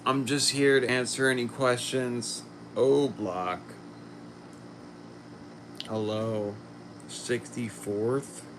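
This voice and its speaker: A man hosts a casual livestream, reading viewer comments in a slow, rambling drawl and letting his sentences trail off. He sounds a little under the weather, and the pitch of his voice sits in the middle of the range. A faint air-conditioning hum runs underneath. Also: steady tone. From Philadelphia. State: a little sick. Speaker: livestream host.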